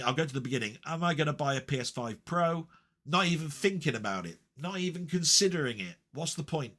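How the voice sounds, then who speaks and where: A man's voice: medium pitch, bright, forceful tone. A man chatting on his gaming vlog, reading out viewer comments with joking, sweary banter and lots of rambling fillers. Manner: rambling with many fillers and restarts. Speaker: retro gaming vlogger.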